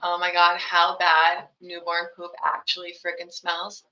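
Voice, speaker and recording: Young woman, lower side of pitch, rambling casual guest, dull echoey sound. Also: monotone, unhurried, bright, forceful tone. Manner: rambling, heavy on fillers like "you know" and "like". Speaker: podcast guest, young mother. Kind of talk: casual interview answers.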